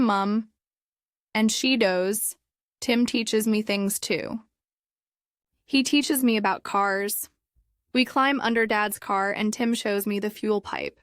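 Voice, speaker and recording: Woman reading a simple english story super slow, clear, dead dry close mic. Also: mid-range voice, no room sound. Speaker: story narrator. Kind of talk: graded reader story narration.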